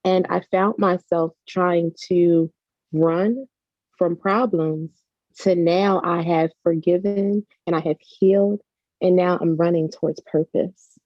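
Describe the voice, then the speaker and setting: A woman's voice: lowish voice, fairly even intonation, slow pace, no echo. A woman, an author and mother, speaking earnestly and emotionally as an interview guest, restarting her sentences often. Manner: earnest, effusive, full of "like" and restarts. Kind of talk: heartfelt conversational interview. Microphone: video call. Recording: dull lo-fi video call audio.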